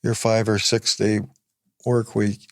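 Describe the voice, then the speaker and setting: A gravelly older man speaks in a low, even voice with little rise and fall. He is a guest in a relaxed podcast chat, reflective and plain-spoken. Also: takes it slowly. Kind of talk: casual conversation.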